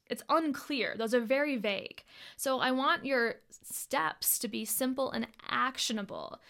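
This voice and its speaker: A woman's voice: sits high, fairly bright tone. A woman hosting a live online coaching training, upbeat and friendly, speaking straight to her listeners. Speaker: host.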